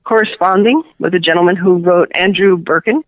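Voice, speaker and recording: A woman's voice: on the low side, brisk, no echo. A middle-aged woman with a Cuban New Yorker accent, chatting as a guest author in a rambling way, full of fillers. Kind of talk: casual interview chat. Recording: tinny phone line.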